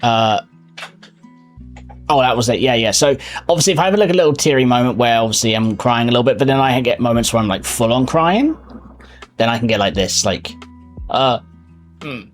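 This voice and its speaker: A man's voice: mid-range voice, animated, brisk, pauses often, soft background music. A man chatting casually on a live stream, greeting viewers by name and laughing often.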